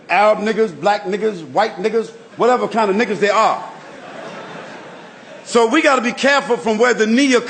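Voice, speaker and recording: A man's voice: high-pitched, fairly bright tone. A man giving an Islamic lecture, in an emphatic, preacherly manner full of rhetorical repetition. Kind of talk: religious lecture.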